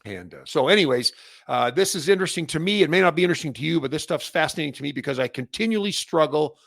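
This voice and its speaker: A Canadian man with a gravelly edge hosts a casual update in a dry, close sound. He rambles with restarts and fillers and gets louder and more animated when something fires him up. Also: a little high, fast talker, no room sound. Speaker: host.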